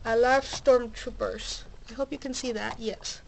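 Young woman vlogging in her bedroom, high bubbly voice, kinda breathless, slow-talking, faint hiss. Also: fairly even intonation, gravelly, darkish tone, low-quality recording. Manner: bubbly, gushing, with little cheers. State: a little out of breath and sick. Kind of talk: casual show-and-tell vlog. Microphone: camera mic, moving handheld.

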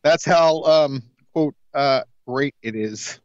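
A man co-hosting a podcast, tossing in quick joking asides. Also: on the high side, no echo, lo-fi sound. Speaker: podcast co-host. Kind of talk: casual podcast chat.

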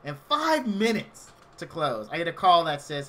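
A man's voice: a little high, very animated, moderate pace, few pauses, a bit bright. A man in his thirties telling a rambling personal story on a live game stream, chatty and full of "like".

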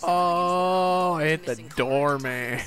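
A man's voice: fairly high pitch, extremely slow, a bit bright, soft background music. A young man giving casual, profane let's-play commentary over a game, rambling and laughing at himself. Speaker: gameplay commentator.

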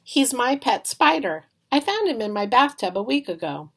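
A woman's voice: on the high side, moderate pace, breathy edge, pitched above the performer's own voice, exaggerated voice. A woman reading aloud, voicing a brash, boastful third-grade boy in a storybook. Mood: eager. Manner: cocky, lively.

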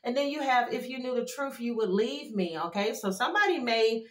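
A woman doing a casual tarot card reading for her viewers, animated and chatty, with frequent exclamations. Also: a little high, fairly quick. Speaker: tarot reader. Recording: echoey room.

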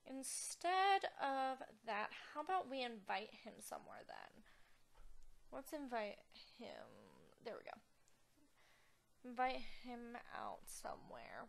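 A young woman talks her way through a life-sim game in a loose, chatty tone. She sits a bit above the usual female pitch and breaks into giggles and dramatic, half-joking indignation. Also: creaky. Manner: chatty, exaggerated outraged reactions and giggles. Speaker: gaming channel host. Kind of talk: casual let's-play commentary.

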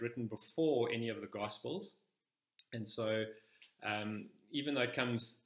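A man preaching a sermon in church, explaining scripture in a measured, step-by-step teaching manner. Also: medium pitch, a bit bright, roomy sound.

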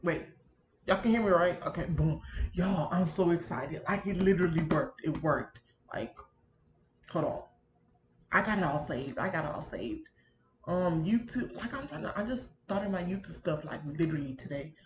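A woman chatting casually to her viewers while she sets up a video, rambling and animated, recorded at home on a built-in computer mic. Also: fairly low pitch, moderate pace, echoey room, lo-fi sound, noisy background. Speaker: gaming YouTuber. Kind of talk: casual chatty vlog narration. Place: home room near a busy street.

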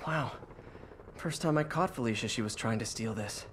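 A man's voice: mid-range voice, normal speed, a little hiss or hum, natural voice. A man voicing a wisecracking young male superhero in a video game, with dry, joking asides. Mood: wry. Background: game music.

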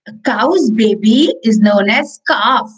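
A woman with an Indian English accent teaching an online preschool class, counting aloud slowly and reading a picture book to small children with encouragement. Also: on the high side, expressive, husky, rough recording.

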